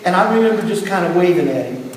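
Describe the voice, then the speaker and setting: A middle-aged man pastor preaching a sermon with personal testimony, telling his story in turns quiet and emphatic. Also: sits high, animated, fast. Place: church sanctuary. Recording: echoey hall from far off, faint hiss.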